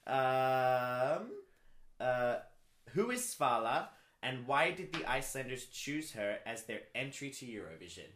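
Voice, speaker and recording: A man co-hosting a casual comedic podcast chat, speaking slowly and leaning on fillers. His voice is bright and swoops widely in pitch, with the echo of a reverberant room. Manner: lively, drawn-out delivery with frequent fillers. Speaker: podcast co-host. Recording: echoey room.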